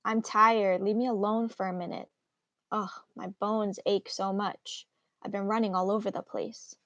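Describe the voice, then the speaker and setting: A woman's voice: mid-range voice, flat delivery, moderate pace, fairly bright tone, no room sound, lo-fi sound, close to an everyday voice. A woman reading aloud as a grumpy, tired older nurse who complains and dodges questions. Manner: complaining, sighing. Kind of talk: read-aloud of a play.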